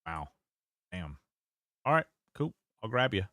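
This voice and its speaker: A man's voice: fairly low pitch, very animated, unhurried, bright, forceful tone, no room sound, clean studio sound. A man streaming a game, chatting casually, reading chat aloud and swearing now and then. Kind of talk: casual gameplay commentary.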